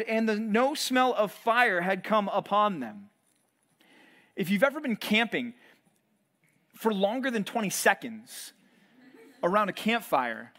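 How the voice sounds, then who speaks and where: A man's voice: high voice, a bit bright. A man preaching a sermon to college students, telling stories with playful acted asides. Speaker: pastor.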